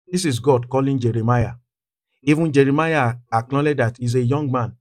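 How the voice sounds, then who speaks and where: A man preaching a fervent sermon, reading scripture in King James wording and building to a louder, higher pitch. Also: normal speed, dry recording, studio quality.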